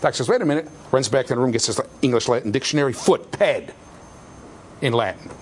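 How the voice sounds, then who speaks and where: Delivering a university classroom lecture, this middle-aged man is jokey and animated, raising his voice for emphasis. He speaks briskly in a mid-range, slightly rough voice.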